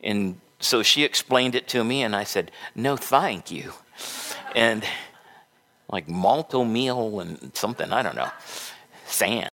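A man's voice: fairly low pitch, lively intonation, slow pace, bright, forceful tone. A middle-aged man preaching a sermon as a pastor, with folksy, conversational storytelling.

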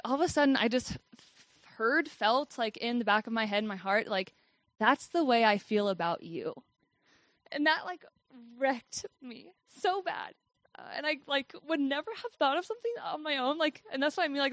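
A young woman with a fairly high voice tells a personal faith story in a chatty, rambling way, dropping "like" into nearly every phrase. The sound is dry and close, with no room around her. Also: no echo. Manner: chatty, fills speech with "like", laughs often. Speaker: speaker sharing a faith testimony.

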